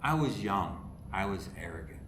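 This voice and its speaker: A man's voice: deep voice, normal speed. Guy from ohio telling stories, doing all the voices, echoey room. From Ohio, USA. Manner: animated storyteller who acts out the people he quotes. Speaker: podcast guest, comedy writer. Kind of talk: casual storytelling chat. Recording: echoey room with faint background noise.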